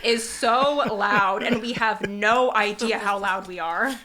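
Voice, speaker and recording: A young adult woman guesting on a podcast, talking loudly and laughing often in casual chat. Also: mid-range voice, slow, slight background noise. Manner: loud, laughing, talks over others.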